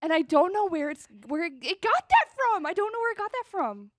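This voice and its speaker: A young woman co-hosting a podcast, telling stories in a casual, animated way and laughing often. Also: very high-pitched, brisk, no echo, studio quality. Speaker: podcast co-host. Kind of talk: casual chat.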